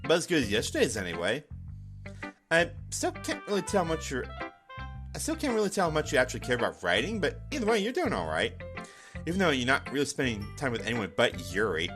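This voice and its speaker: A small, feisty teenage girl speaks in a blunt, pushy way, as a man reads her lines aloud in his own voice. Her tone is lively, and soft game music runs underneath. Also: mid-range voice, fast. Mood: bossy. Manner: pushy, then earnest.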